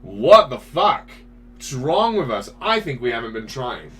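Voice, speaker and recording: A man's voice: medium pitch, big pitch swings, measured pace, a bit bright, husky. A man hosting a casual talk show, ranting with swearing and rhetorical questions. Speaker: podcast host. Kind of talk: casual political chat.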